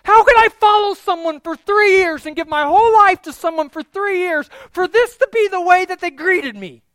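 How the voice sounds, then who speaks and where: A man's voice: high-pitched, lively intonation, measured pace, creaky, dry recording, clean studio sound, heavily acted. A male preacher voicing a distraught grieving woman at an empty tomb, crying out in impassioned lament. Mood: anguished. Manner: impassioned, near-shouting lament.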